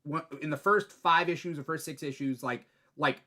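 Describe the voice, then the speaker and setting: Fired-up guy hosting a comic podcast, kinda high voice, swears some. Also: moderate pace. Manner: excitable, opinionated, swears. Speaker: host. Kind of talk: casual podcast chat.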